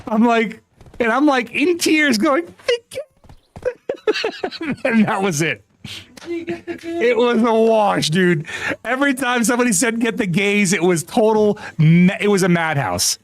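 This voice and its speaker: A man streaming a game live, telling a story to his chat in a casual, animated way, often breaking into laughter and swearing freely. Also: high voice, takes it slowly. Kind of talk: casual gaming livestream storytelling.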